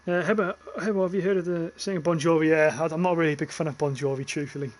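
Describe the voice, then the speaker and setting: A man's voice: on the high side, fairly even intonation, racing. A young man with a Northern English accent, chatting casually and swearing while livestreaming a game and reading chat aloud. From northern England. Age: young adult.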